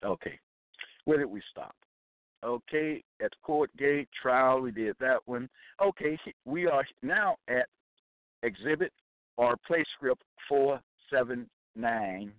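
A man's voice: mid-range voice, slow pace, no echo. A man giving an emphatic, preaching-style monologue as an author and Bible commentator, insistent and repetitive. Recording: dry, phone-like narrow sound.

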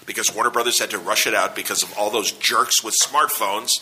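A man's voice: on the low side, steady tone, a little fast, pushed and bright, slight background noise, low-quality recording. A man hosting a comics podcast, joking and chatting casually at a convention. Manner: joking, laughs often. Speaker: podcast host. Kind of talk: casual chat. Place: convention hall.

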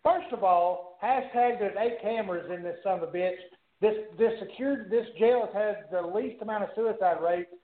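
A high-voiced man rambles through casual podcast chat, cursing freely and trailing off. The sound is roomy and echoey. It is squeezed through a phone-like line. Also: normal speed. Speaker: podcast co-host.

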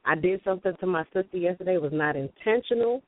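A woman's voice: on the low side, lively intonation, quick pace, dry recording. Earnest woman on a tinny phone line. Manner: earnest, apologetic, laughs easily. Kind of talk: casual morning show chat. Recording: tinny phone-like sound with faint music.

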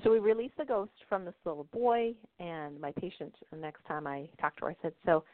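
Brisk and lively in intonation, a lowish-voiced podcast host and intuition teacher tells casual stories on her talk show, often laughing and asking "right?". The recording is dry with a narrow, phone-like band.

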